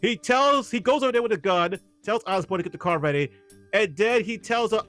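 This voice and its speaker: Guy with a high lively voice breaking down a zombie movie, soft music under it. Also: quick pace. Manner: animated, acts out movie lines, laughs often. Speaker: co-host. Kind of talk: casual movie discussion.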